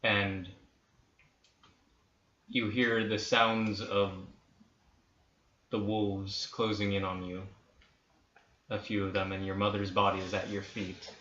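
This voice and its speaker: A man running a tabletop game, narrating scenes in a hushed, dramatic way. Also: lowish voice, level tone. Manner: slow, hushed dramatic storytelling. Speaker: dungeon master. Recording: roomy, dull lo-fi with faint hiss.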